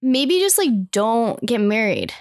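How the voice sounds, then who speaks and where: A woman co-hosting a podcast in casual, excitable chat, full of "like"s. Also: on the high side, slow pace, no echo, clean studio sound. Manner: chatty and excitable, many "like"s. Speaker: podcast co-host.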